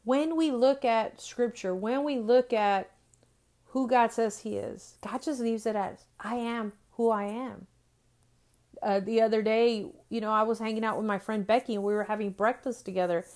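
A woman's voice: fairly high pitch, fairly even intonation, normal speed, a little mellow. A woman in her forties giving an earnest faith-based motivational talk, repeating phrases and often asking "right?". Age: 40s. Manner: earnest, repetitive, with frequent "right?" tag questions. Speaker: Christian speaker.

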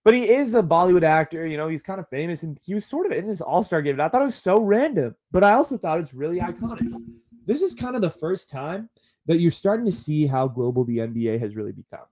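A man's voice: a little high, very animated, fast, a little mellow. A man hosting a podcast in a casual, rambling monologue full of fillers and asides. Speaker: podcast host.

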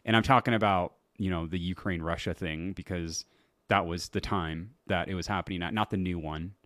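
A man's voice: low-pitched, fairly even intonation, brisk, a bit bright, no echo. A man hosting his own podcast, chatting loosely and laughing at his own stories, with lots of swearing. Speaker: podcast host. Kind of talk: casual solo podcast talk.

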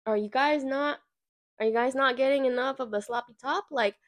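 A high-voiced woman speaking at a normal speed hosts a podcast, ranting casually through a tale from work. She's sassy, swears, and brings the story to life by playing the people she quotes.

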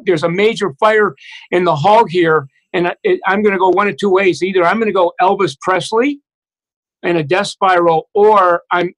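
A middle-aged man recounting his recovery in a halting, reflective way, with many restarts and fillers. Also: high-pitched, fairly bright tone, low-quality recording. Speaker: guest. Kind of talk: personal recovery story in conversation.

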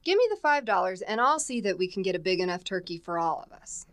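A woman's voice: medium pitch, very animated, fast talker, no room sound, close to an everyday voice. An actress playing a wisecracking female schoolteacher in a 1950s radio comedy, dry and sardonic.

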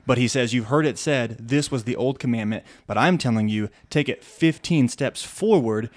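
A man of middle pitch co-hosts a casual faith podcast. He affirms his partner with enthusiasm and quotes scripture. The sound is dry and close. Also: normal speed, no room sound. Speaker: podcast co-host.

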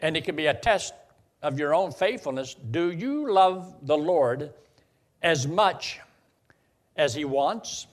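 A man's voice: fairly high pitch, lively intonation, takes it slowly. A man preaching a sermon in a conversational way, building to emphatic bursts. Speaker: pastor.

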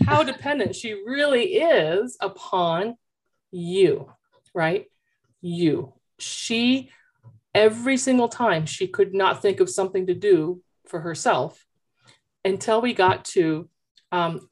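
A woman's voice: medium pitch, expressive, moderate pace. Chatty woman coach telling a story. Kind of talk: consultation with parents. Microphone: headphones with mic.

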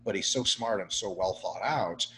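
A Russian man appears as a podcast guest, talking bluntly in a casual, animated conversation with plenty of swearing and filler words. His voice sits low at a moderate pace, and the low-quality recording has slight background noise.

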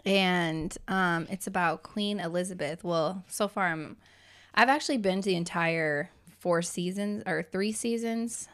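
A woman's voice: lowish voice, a little slow, a bit bright, clear, resonant tone. A woman in her twenties co-hosting a podcast, chatting playfully and expressively with frequent giggles. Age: 20s. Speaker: podcast co-host. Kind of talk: casual chat.

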